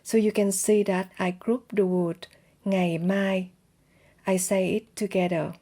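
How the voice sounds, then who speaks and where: A woman's voice: medium pitch, little pitch movement, a little slow, mellow. A woman from Vietnam with a Vietnamese accent, teaching a language lesson in a careful way and sounding out example words. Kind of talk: slow explanatory lesson.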